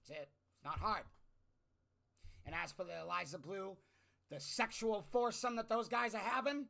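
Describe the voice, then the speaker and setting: A young man ranting through an exasperated political commentary, jumping from loud outbursts to low muttering. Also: moderate pace, creaky, pauses often. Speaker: commentary vlogger. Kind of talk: opinionated political rant.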